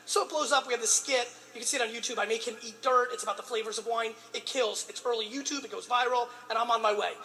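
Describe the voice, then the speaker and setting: A man's voice: extremely high pitch, steady tone, fast talker, few pauses, pushed and bright. A man giving a motivational speech, pleading and ranting with heavy profanity and emphatic repetition. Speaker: motivational speaker. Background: background music.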